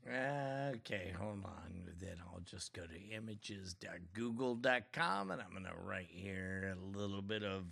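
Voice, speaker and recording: A man co-hosting a podcast, muttering slowly while distracted by his computer. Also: deep voice, vocal fry, a bit bright. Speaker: podcast co-host. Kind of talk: casual podcast banter.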